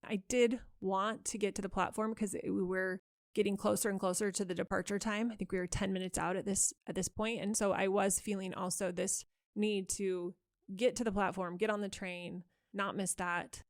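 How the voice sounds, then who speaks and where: A woman's voice: mid-range voice, flat delivery, moderate pace, no room sound, studio quality. A woman hosting a parenting podcast, telling a personal story in a candid, self-critical and earnest way. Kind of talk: reflective solo podcast storytelling.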